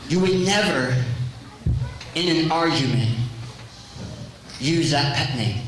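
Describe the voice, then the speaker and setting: A man's voice: fairly high pitch, expressive, takes it slowly, pauses often, noisy background. A man preaching a jokey live sermon, quizzing his congregation in a large church hall. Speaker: pastor. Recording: very echoey church hall, faint ambience.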